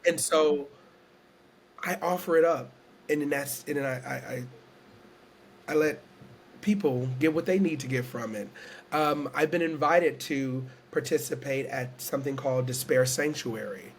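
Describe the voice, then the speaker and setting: A man's voice: a little high, moderate pace, a little hiss or hum. Interviewgast, man uit Houston, Texas, oprecht en emotioneel, iets hogere stem, zachte achtergrondruis. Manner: earnest, searching, repeats phrases, emotional. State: close to tears. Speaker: guest storyteller and entertainer. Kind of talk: reflective conversational interview.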